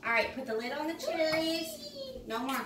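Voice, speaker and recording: A woman, a mother hosting a casual family vlog, laughing and giving the kids quick instructions. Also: high voice, huge pitch swings. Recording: echoey noisy room, mic far off.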